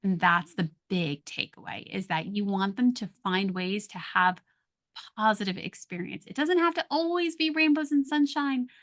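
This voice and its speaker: Woman guest, coaching tone, mid-pitched, gently demonstrates phrasing, podcast chat. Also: normal speed. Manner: calm, coaching, acts out soft and sharp tones. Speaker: guest, parenting communication coach. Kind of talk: conversational advice on a podcast.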